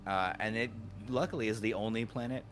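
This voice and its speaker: A man's voice: on the low side, a little fast, fairly bright tone, slight background noise. A man streaming a video game, casually joking, swearing and riffing on tangents with his co-host. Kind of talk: casual let's-play banter.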